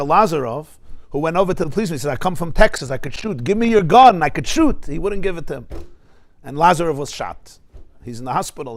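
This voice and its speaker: A man teaching a Torah class, emphatic and lively, weaving Hebrew quotations into his talk. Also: on the high side. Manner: emphatic, mixes Hebrew and Yiddish terms into English, acts out voices.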